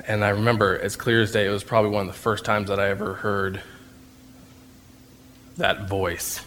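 A man's voice: on the low side, flat delivery, moderate pace, long pauses, fairly bright tone, slight background noise. A man telling a personal faith story, acting out scenes and laughing at himself as he goes. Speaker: speaker sharing a faith testimony.

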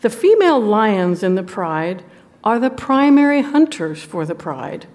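A woman with a Southern US accent teaching a women's Bible study, folksy and playful, reading scripture slowly. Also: mid-range voice, big pitch swings, a little mellow. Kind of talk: Bible teaching to a live group.

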